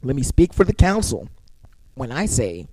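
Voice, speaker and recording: A man's voice: medium pitch, moderate pace, husky. A young man casually telling a crude, comedic personal story, swearing freely and acting out what people said in big voice swings. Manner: animated, profane, acts out quotes in big voice swings. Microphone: own recording setup.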